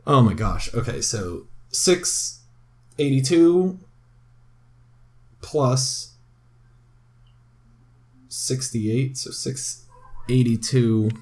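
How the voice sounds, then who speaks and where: A young man giving casual, chatty commentary on a game he is playing, excitable and often crying out in dismay. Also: mid-range voice, extremely slow, long pauses. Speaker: gaming video host.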